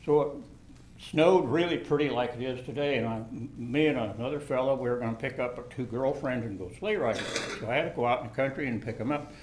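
An older man telling a personal anecdote in an animated way, laughing and shouting at the exciting moments. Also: mid-range voice, fast talker, slight background noise. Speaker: storyteller.

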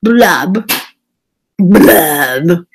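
A woman's voice: fairly low pitch, lively intonation, extremely slow, breathy edge, heavily acted, rough recording. A woman voicing a glum, gloomy male fish who chants his gloom in a sing-song and sobs out his blubs.

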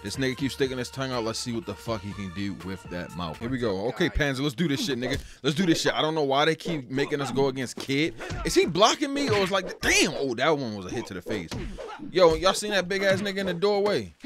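A man's voice: mid-range voice, big pitch swings, fast talker. A man giving casual, profane gameplay commentary and trash-talking the game's fighters as he plays. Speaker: gaming channel host. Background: game music.

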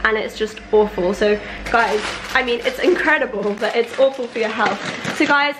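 Young girl rambling to her camera at home, highish voice, light hiss behind. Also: normal speed. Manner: chatty, rambling, playful. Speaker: vlogger. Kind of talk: casual chat.

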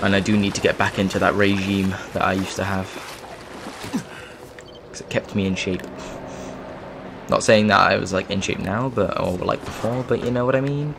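A man gives chatty let's play commentary over his game, wandering between topics and breaking into sudden exclamations. His voice sits a little low. A faint hiss runs behind it. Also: level tone, moderate pace, vocal fry, pauses often. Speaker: gaming YouTuber.

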